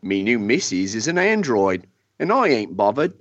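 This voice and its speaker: A man's voice: lowish voice, sing-song, moderate pace, lo-fi sound, voice pushed down. A man putting on a heavy, exaggerated Cockney accent as a cheeky bloke reading out plot lines for laughs. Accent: put-on Cockney. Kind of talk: comic parody reading.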